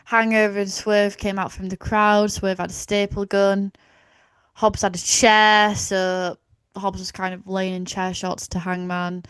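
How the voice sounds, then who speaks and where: A woman's voice: medium pitch, unhurried, clear, resonant tone, no echo. Woman, playful podcast co-host. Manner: animated, swearing, playful. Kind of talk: casual chat.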